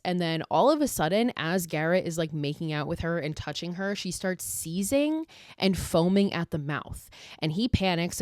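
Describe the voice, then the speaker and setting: A woman's voice: lowish voice, no echo, studio quality. A young adult woman hosting a podcast, casually retelling a horror film with lots of swearing and acted-out quotes. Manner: animated, profane, acts out characters' lines. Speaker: podcast host.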